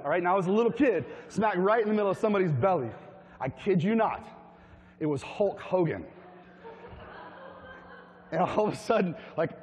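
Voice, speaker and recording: A man from Tennessee preaching a humorous storytelling sermon, chatty and animated, asking his congregation questions. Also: high-pitched, in a large hall. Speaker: pastor. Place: church hall with a congregation.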